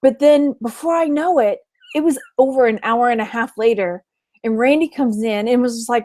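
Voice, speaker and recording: A woman's voice: sits high, moderate pace, a little mellow. A woman from Texas chatting casually on a livestream, laughing often and reading out viewer comments. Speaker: online reseller and livestream host.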